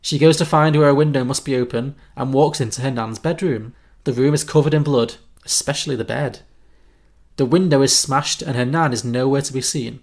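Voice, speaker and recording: A man's voice: medium pitch, fairly even intonation, brisk. A man from Liverpool co-hosting a podcast, reading a silly script aloud with amused banter. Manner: amused, laughs often. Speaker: podcast co-host.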